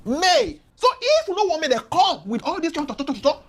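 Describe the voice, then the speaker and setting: A woman's voice: very high-pitched, big pitch swings, fairly quick. A woman with a Nigerian accent giving impassioned political commentary, firing off rhetorical questions and mixing Pidgin with English.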